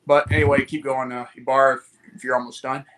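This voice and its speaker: A man co-hosts a podcast in casual conversation, rambling, joking and using plenty of fillers. His mid-range voice is level in tone, fast and a bit bright.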